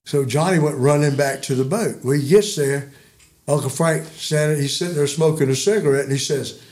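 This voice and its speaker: A man's voice: on the high side, a little fast, darkish tone. A man in his sixties, a guest telling folksy, rambling hunting stories with chuckles. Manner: rambling, chuckling yarn-spinner. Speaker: guest storyteller.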